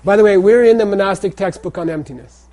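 With a high, dark-toned voice and a fast delivery, a middle-aged man teaches Tibetan pronunciation and Buddhist texts to a class. He tends to repeat phrases and checks in with the students by saying "okay?".

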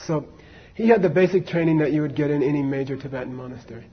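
Male teacher, husky, chatty storyteller with asides, dull recording. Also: fairly high pitch, quick pace. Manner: conversational, many fillers and asides to the audience. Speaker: Buddhist teacher. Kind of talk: casual dharma talk, storytelling.

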